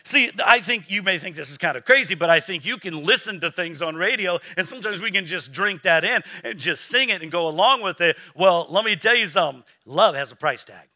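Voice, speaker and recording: A man's voice: sits high, fairly quick, few pauses. A man preaching a sermon as pastor, asking the congregation to repeat words back and acting out quoted voices. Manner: preaching with call-and-response questions to the congregation; acts out quoted voices in a lively, mocking tone.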